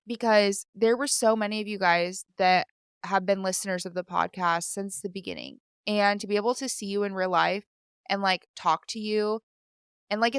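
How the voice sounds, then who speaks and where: Smooth-voiced young woman podcast host. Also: mid-range voice, a bit bright, dry recording, clean studio sound. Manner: candid, filler-heavy, chatty. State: teary and sniffling. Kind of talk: casual solo podcast chat. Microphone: studio microphone.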